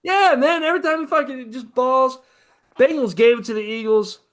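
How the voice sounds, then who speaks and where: A man's voice: very high voice, moderate pace, a bit bright. A man co-hosting a casual sports podcast, rambling and profane about football teams. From American Midwest. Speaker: podcast co-host.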